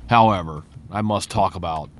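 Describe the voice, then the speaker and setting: A man giving a blunt, profane, rambling monologue while driving his car. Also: normal speed. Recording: car road noise behind. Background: road rumble.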